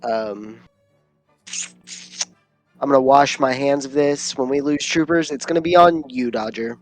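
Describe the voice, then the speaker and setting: A man's voice: medium pitch, unhurried, no echo, soft background music. A man playing a tabletop game, wry and teasing. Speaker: player. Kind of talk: casual tabletop play.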